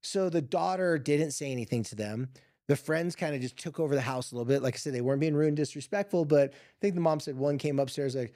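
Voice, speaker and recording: A man hosting a podcast, retelling a family story in a casual, lively way with filler words and quoted voices. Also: a little high, fast, no room sound, clean studio sound. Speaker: podcast host. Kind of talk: storytelling monologue.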